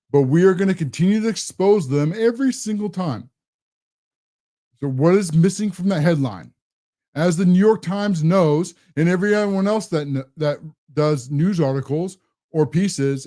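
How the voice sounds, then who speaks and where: A man's voice: on the high side, mellow. A man hosting a political commentary show, ranting in a combative, sarcastic way. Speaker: host.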